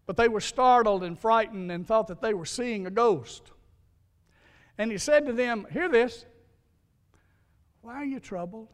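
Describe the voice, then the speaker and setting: A man's voice: sits high, normal speed, clear, resonant tone, in a large hall. A man preaching a sermon, telling folksy stories and repeating key lines for emphasis. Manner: folksy storytelling, emphatic repetition. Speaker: pastor.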